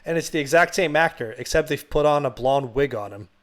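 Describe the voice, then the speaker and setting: A man's voice: on the high side, a little fast. A man co-hosting a podcast, retelling a film in casual chat with laughs and swearing. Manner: animated, laughing storytelling, frequent swearing. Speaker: podcast co-host.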